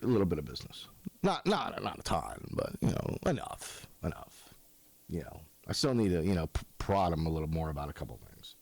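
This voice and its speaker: A man's voice: medium pitch, no room sound. A man in his forties, a radio host, telling rambling, self-mocking stories in a casual monologue. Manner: self-mocking storyteller, lively.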